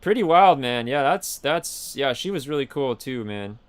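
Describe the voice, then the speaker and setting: A man's voice: medium pitch, lively intonation, moderate pace, smooth. A man hosting a casual podcast, laid-back and saying dude and man a lot.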